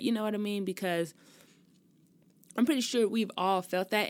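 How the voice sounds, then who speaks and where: A woman's voice: medium pitch, fairly quick, dry recording. A young adult woman hosting her own podcast, talking casually and expressively, ranting and cursing freely. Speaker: podcast host. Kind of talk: casual solo talk.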